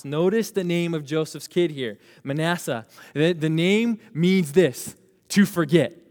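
A man preaching a sermon, leading the congregation in call-and-response and slowing down to stress key phrases. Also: on the high side, a little mellow. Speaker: pastor. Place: church sanctuary. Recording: reverberant hall.

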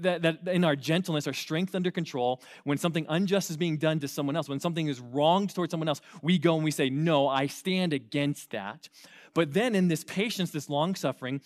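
A young American youth pastor with a fairly high-pitched voice preaches an earnest sermon to young people. He swings between loud emphasis and quiet asides.

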